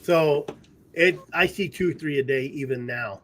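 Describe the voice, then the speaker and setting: A man's voice: on the high side, unhurried, fairly bright tone. A man casually telling an anecdote in a podcast conversation. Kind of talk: casual chat.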